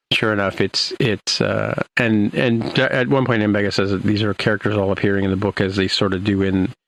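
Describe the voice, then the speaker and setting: A man hosting a podcast, recapping an episode in a rambling, halting way with many restarts. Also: fairly low pitch, vocal fry, a bit bright, rough recording. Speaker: podcast host.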